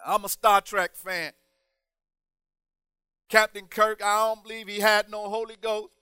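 A man preaching a sermon in a rhythmic style, building to loud, shouted emphasis and then dropping to quiet, drawn-out phrases. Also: high voice, level tone, clean tone, no echo.

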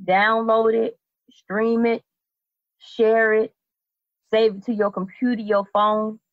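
A woman's voice: on the high side, little pitch movement, takes it slowly, dry recording. A woman podcast host telling a Bible story casually, acting out the characters with slangy quoted voices. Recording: dull lo-fi, dry sound.

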